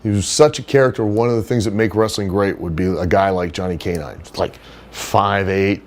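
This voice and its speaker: Man, middle-aged, low-pitched, blunt, profane, animated storyteller. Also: a little fast. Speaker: podcast guest, wrestler. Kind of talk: casual chat, storytelling.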